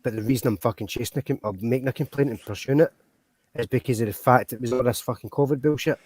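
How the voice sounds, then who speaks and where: A man's voice: mid-range voice, fast talker, a little mellow, no echo. A man with a Glasgow accent talking bluntly and swearing a lot as a guest on a live call-in stream. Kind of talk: casual chat.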